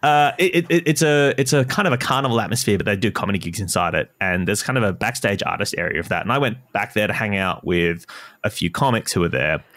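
A man's voice: lowish voice, fast talker, fairly bright tone. A man, a comedian hosting a podcast, telling a rambling casual story full of fillers and swearing.

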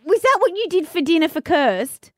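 A woman's voice: extremely high pitch, very animated, normal speed. A woman co-hosting a breakfast radio show, teasing her partner and laughing easily. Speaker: radio co-host.

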